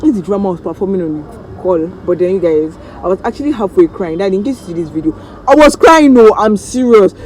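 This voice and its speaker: A woman's voice: mid-range voice, quick pace, a little hiss or hum, rough recording. Dramatic Nigerian woman telling a story. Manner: dramatic, animated storytelling with reenacted voices. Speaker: vlogger. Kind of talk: story time vlog.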